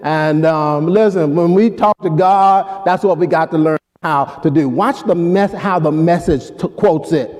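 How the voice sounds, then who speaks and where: Emphatic preacher in a reverberant hall. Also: male voice, a little high, measured pace, few pauses, a little mellow, faint music behind. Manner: emphatic, calls out to the congregation. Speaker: pastor. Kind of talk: sermon.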